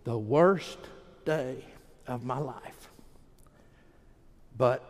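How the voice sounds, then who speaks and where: A man's voice: mid-range voice, very slow. A man preaching a sermon in a folksy, emphatic storytelling manner. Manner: folksy, emphatic, acts out quoted voices. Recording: reverberant hall.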